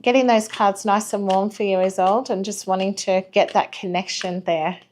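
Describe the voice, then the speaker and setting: A woman giving a live tarot reading, reassuring, apologetic and gently chatty. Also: mid-range voice, steady tone, normal speed, slight background noise. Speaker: tarot reader.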